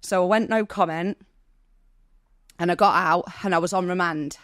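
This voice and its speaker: A woman's voice: on the low side, fairly even intonation, moderate pace, fairly bright tone, no room sound, clean studio sound. A woman, tearful as a podcast guest, telling her story in a rambling, apologetic way. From Manchester, England. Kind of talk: personal storytelling in a podcast interview.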